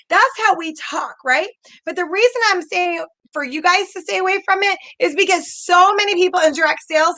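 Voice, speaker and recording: A woman's voice: very high-pitched, bright, forceful tone. A woman coaching a group on direct sales in a chatty, upbeat way, often acting out messages. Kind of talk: casual coaching talk to an online group.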